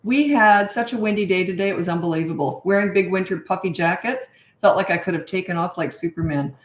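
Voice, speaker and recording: A woman's voice: lowish voice, a little fast, reverberant. A middle-aged woman, a parenting coach, chatting and rambling casually on a live-stream Q&A, self-deprecating.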